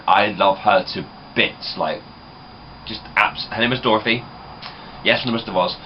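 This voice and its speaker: A young man from England, chatting casually and rambling to camera. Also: on the low side. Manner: chatty, rambling, many fillers. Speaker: vlogger. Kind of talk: casual vlog chat. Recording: dull camera audio with background noise.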